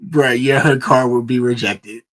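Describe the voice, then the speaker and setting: A man's voice: medium pitch, fairly even intonation, unhurried, a bit bright. Teasing, slangy man in banter. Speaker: podcast co-host. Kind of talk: casual chat.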